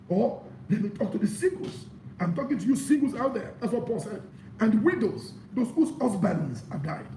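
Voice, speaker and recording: A man preaching a sermon, reading scripture aloud and explaining it with animated emphasis. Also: extremely high pitch, recorded from a distance, slight background noise. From Nigeria. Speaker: pastor. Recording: echoey room.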